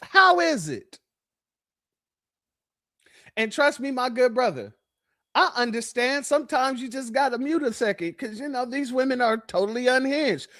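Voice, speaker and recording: A man hosting a commentary show, reacting to played clips in an animated, preachy and mocking way. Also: extremely high pitch, normal speed.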